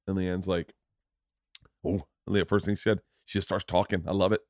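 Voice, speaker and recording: A man hosting a podcast, telling family stories in an animated, casual way, swearing freely. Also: low voice, fairly quick, dry recording, studio quality. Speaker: podcast host. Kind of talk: casual conversational storytelling.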